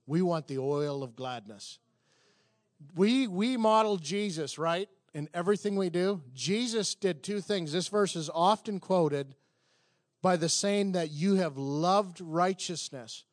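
A man with a high voice delivers a sermon in an easy, conversational way, stumbling and restarting as he tells a story. He builds to emphatic peaks. The sound is close and dry. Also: unhurried, dry recording. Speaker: preacher.

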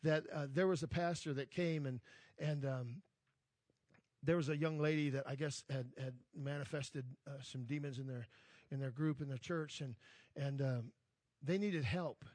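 Man, pastor, sermon, earnest preaching, fairly high pitch, repeats words, dry close sound. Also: steady tone, moderate pace, darkish tone, dry recording. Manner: earnest preaching, rising in force when quoting scripture; repeats words, frequent "amen?" to the congregation.

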